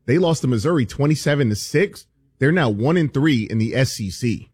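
A man's voice: medium pitch, animated, brisk, a little mellow, husky, no echo, studio quality. A man co-hosting a sports talk show, amused and conversational.

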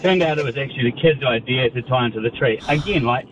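A man's voice: medium pitch, fast talker. A man calling in to a radio show, telling a story and acting out the quotes. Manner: animated storyteller, acts out quotes. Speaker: caller. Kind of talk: phone-in storytelling. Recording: dull phone line with noise.

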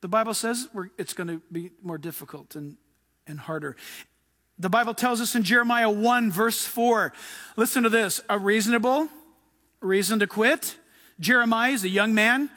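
High-voiced preaching pastor in a reverberant hall. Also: male voice, moderate pace, bright, forceful tone. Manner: emphatic preaching, acting out God and Moses in quotes. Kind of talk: sermon. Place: church before a live congregation.

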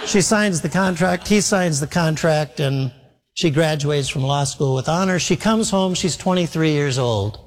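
A man's voice: a little high, moderate pace, background noise. A man preaching a sermon, telling a story and acting out the dialogue of its characters. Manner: animated, acts out quoted dialogue. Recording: long hall reverb.

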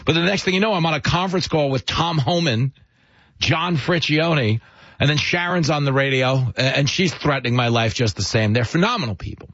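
A man's voice: on the high side, brisk, fairly bright tone, no room sound. A man hosting a talk radio show, telling stories and joking at his own expense. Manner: self-deprecating, joking storyteller. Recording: dry, muffled radio broadcast.

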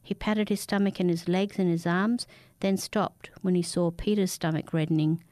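A woman reading a dark fiction story aloud in a steady, measured narration. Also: lowish voice, dry recording.

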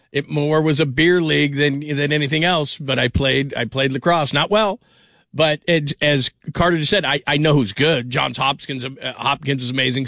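Brief: middle-aged male sports radio host, slightly high voice, dry close sound, loose and rambling. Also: a bit bright, no echo. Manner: rambling, laughing, many restarts. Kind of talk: late-night sports call-in chat.

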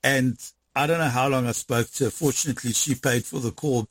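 Husky man telling a story. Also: medium pitch, dry recording. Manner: animated, re-enacts dialogue in quick bursts. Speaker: interviewee recounting events. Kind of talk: conversational storytelling.

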